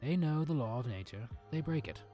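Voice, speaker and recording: A man reading a book aloud in a deliberate, measured way, using a put-on British accent. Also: medium pitch, lively intonation, mellow, soft background music. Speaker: guest reader.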